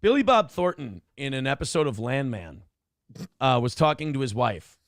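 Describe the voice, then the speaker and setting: A man hosts a morning talk show, telling stories with animation in casual chat and swearing freely. His mid-range voice moves at a moderate pace in a dry, studio-quality recording.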